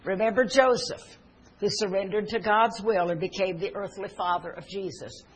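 A woman's voice: mid-range voice, steady tone, moderate pace, breathy edge, low-quality recording. A woman preaching a sermon, telling personal stories and building to earnest, emphatic exhortation.

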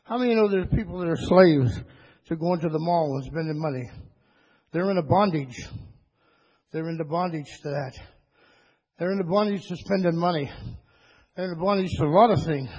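A man preaching a sermon to his church, rising into high, excited bursts and calling for amens. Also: moderate pace, long pauses, slightly rough. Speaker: pastor. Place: church sanctuary. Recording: dull lo-fi church recording with long reverb.

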